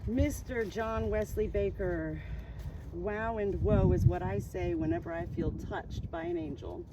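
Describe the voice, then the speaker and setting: Soft-spoken woman outdoors, traffic noise. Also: on the low side, unhurried. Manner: soft-spoken and reverent, addressing the dead directly. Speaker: gravestone cleaning vlogger. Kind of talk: casual narration while working. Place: outdoor cemetery. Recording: noisy outdoor audio with passing traffic.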